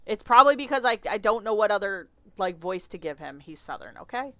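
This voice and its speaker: A woman streamer reading a visual novel aloud in an animated, chatty way, often laughing. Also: mid-range voice, a little fast.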